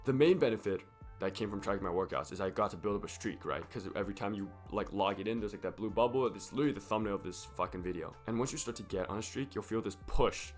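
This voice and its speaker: A young man with a croaky, sick voice, rambling casually and profanely to camera in a fitness vlog. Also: lowish voice, fast talker, faint music behind. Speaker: fitness vlogger.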